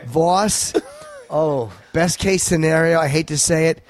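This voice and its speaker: A man guesting on a podcast as a stand-up comedian, talking in a dry, measured, profane way. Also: a little high, background noise. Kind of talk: casual podcast chat. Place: home podcast room.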